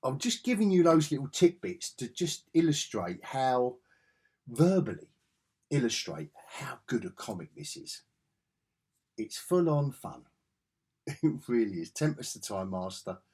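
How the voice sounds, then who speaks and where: Guy gushing about comics, raspy voice, real slow and easygoing. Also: medium pitch, sing-song, a little mellow. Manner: enthusiastic, chatty. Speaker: comic book reviewer. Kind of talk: casual review vlog.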